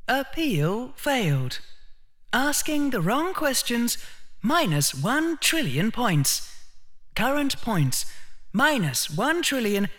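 A woman's voice: on the high side, big pitch swings, takes it slowly, a bit bright, exaggerated voice. A woman voicing curt, impersonal magical game notes in an audiobook, announcing verdicts and scores in a clipped way. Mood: officious. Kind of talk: audiobook reading.

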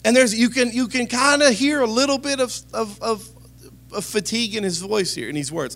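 A man's voice: extremely high pitch, fairly quick, gravelly, a bit bright. A man preaching a sermon in a conversational way, telling stories and rising to emphatic calls to the congregation. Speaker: pastor.

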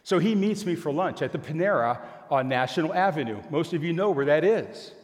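An older male pastor preaching in a large church, his somewhat high voice carrying a long echo around the room. He tells his story with animation and acts out both sides of the exchanges. The delivery mixes plain conversation with pulpit conviction. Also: a little fast. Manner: animated storyteller acting out dialogue. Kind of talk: sermon with storytelling. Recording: long hall reverb.

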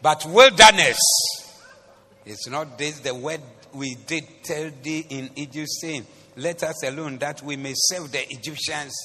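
A man preaching a sermon as the pastor. He switches between English and Twi phrases and swings from soft asides to loud, emphatic preaching. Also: a little high, fairly even intonation, measured pace, few pauses. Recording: long hall reverb with faint noise.

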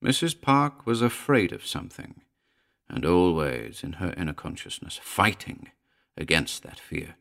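A man reading a classic ghost story aloud in a measured, expressive narrating voice. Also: low-pitched, gravelly.

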